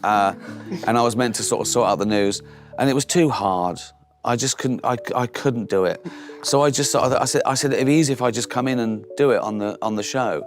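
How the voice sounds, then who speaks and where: A man's voice: medium pitch, fairly quick, hardly any pauses, soft background music. A middle-aged comedian telling anecdotes in casual chat, laughing often and mimicking the people in his stories. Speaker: comedian guest.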